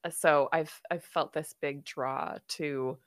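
A woman's voice: sits low, steady tone, slow pace, dry recording, studio quality. A woman hosting a podcast in casual chat, rambling with fillers and laughing often. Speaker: podcast host.

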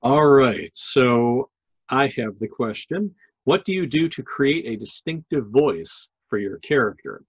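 Man, middle-aged, podcast host, casual banter, unhurried, dry recording. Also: medium pitch, very animated, slightly rough, dry recording, low-quality recording. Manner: chatty, joking. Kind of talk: casual chat.

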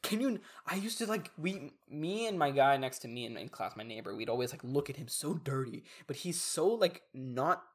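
A man's voice: medium pitch, expressive, normal speed, hardly any pauses, husky. A young man, a college student, chatting casually and mockingly retelling classmates' questions. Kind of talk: casual chat.

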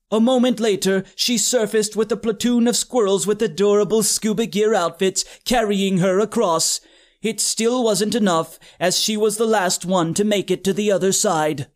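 A narrator reading a comic story in a dry, deadpan manner. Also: medium pitch, moderate pace. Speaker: audiobook narrator.

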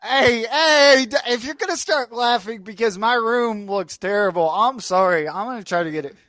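A man hosting a casual sports podcast, telling stories in an animated way and laughing often. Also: very high voice, moderate pace, dry recording. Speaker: podcast host. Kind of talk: casual chat.

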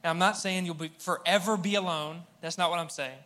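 Young male preacher, high-ish bright voice, joking, chatty sermon straight to the congregation. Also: fairly even intonation, fairly quick. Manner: humorous, conversational, addresses the crowd directly. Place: church hall with audience.

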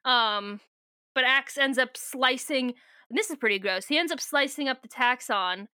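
A woman's voice: high voice, moderate pace, sharp tone, clear, resonant tone, no echo. A young woman co-hosting a podcast in casual chat, rambling through a book recap, swearing freely and laughing often.

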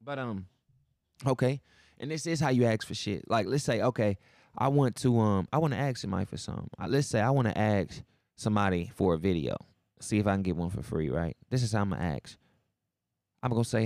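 Gravelly, profane podcast host riffing solo. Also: male voice, medium pitch, expressive, brisk, darkish tone, dry recording, studio quality. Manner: loose, profane storytelling with slang and reenacted dialogue. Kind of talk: casual monologue.

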